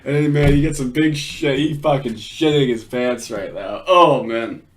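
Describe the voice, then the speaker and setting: A man's voice: mid-range voice, moderate pace. A man giving casual, crude commentary on a video, laughing often and swearing. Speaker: commentator reacting to a clip.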